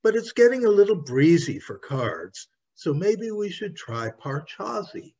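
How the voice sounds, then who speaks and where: A gracious young fairy princess from a storybook, read by a man. She speaks calmly and slowly, a little huskily. The recording sounds dull and lo-fi. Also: high-pitched, breathy edge, pitched above the performer's own voice, heavily acted. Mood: relaxed.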